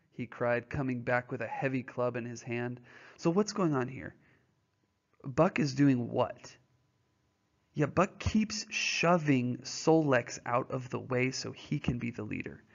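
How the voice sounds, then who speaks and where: The audio is a dull lo-fi recording of a male teacher reading a novel to students and explaining it in a relaxed, patient manner. He often asks questions to make sure they follow, speaking a little slowly in a creaky mid-range voice.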